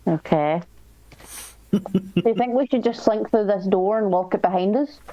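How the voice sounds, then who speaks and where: A woman's voice: mid-range voice, a little slow, dark tone, poor audio. A woman playing a tabletop game, asking rules questions. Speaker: player. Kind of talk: casual tabletop play.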